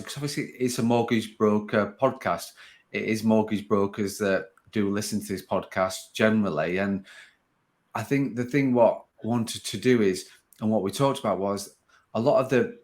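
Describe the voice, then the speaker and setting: A man with a Sheffield accent hosting a relaxed podcast interview, rambling and restarting his sentences as he chats. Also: lowish voice. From Sheffield, England. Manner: rambling, self-interrupting, chatty. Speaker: podcast host.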